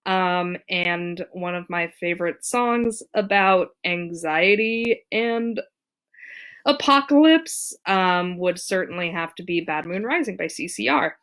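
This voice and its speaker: Slow-talking woman teaching ukulele. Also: lowish voice, a bit bright, smooth. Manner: counts beats aloud, many ums. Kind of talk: casual music tutorial. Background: her own ukulele strumming.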